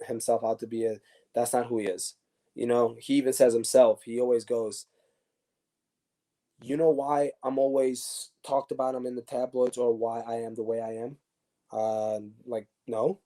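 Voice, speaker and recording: A man in a casual interview, telling stories about his playing days. His voice is mellow and sits at an ordinary pitch. He talks in an animated way, with frequent restarts and fillers. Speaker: former pro soccer defender, guest.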